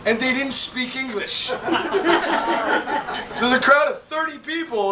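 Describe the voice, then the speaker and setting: A man performing a whip-cracking act live, rambling and teasing the crowd with jokes. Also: very high-pitched. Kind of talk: live comedic stage patter. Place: large hall with a live audience. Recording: echoey, distant, crowd noise.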